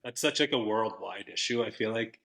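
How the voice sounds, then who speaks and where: A man's voice: lowish voice, moderate pace, gravelly, fairly bright tone, poor audio. A man chatting casually on a podcast, rambling with lots of fillers. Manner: rambling, many likes and restarts.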